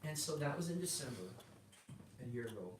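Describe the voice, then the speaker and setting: Middle-aged man telling an animated testimony. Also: fairly high pitch, fairly quick. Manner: animated storyteller acting out dialogue, restarts and fillers. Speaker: guest sharing a personal testimony. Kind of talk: casual spoken testimony. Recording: roomy sound from a distant mic with background noise.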